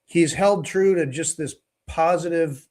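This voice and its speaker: A man's voice: fairly high pitch, a little slow, darkish tone. A middle-aged man hosting a podcast, talking in an earnest, reflective way. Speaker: podcast host. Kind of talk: casual conversation.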